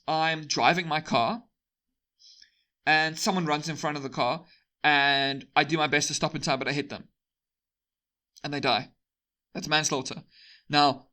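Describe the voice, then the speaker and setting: Man, casual lecturer, bright and slightly high, rambling with dry sarcasm. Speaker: educational video host. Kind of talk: informal academic lecture.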